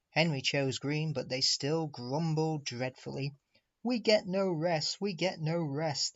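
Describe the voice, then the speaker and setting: Expressive man reading a storybook. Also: mid-range voice, dull audio. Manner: expressive, storytelling, addresses listener. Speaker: narrator.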